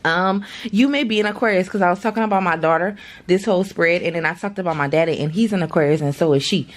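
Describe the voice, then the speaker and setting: A woman's voice: on the low side, fast. A woman in her thirties doing a casual tarot reading to camera, chatty and slangy, swearing freely and talking straight to her viewers. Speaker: tarot reader.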